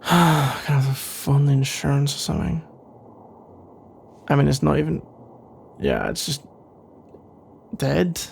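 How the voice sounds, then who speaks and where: A man playing a sarcastic young male office rival in an ASMR role-play, speaking in a dry, grumbling way with a gravelly voice. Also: medium pitch, big pitch swings, slow pace, long pauses, exaggerated voice.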